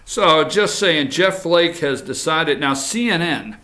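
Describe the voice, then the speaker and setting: A man hosting casual political commentary, animated and mocking, muttering asides between loud points. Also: on the high side, measured pace. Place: studio.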